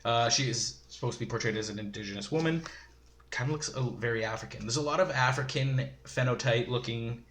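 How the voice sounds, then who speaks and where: A man's voice: medium pitch, fairly quick, fairly bright tone, a little hiss or hum. A man giving a rambling, casual episode recap, full of fillers and chuckling asides. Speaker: show reviewer. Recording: roomy echo.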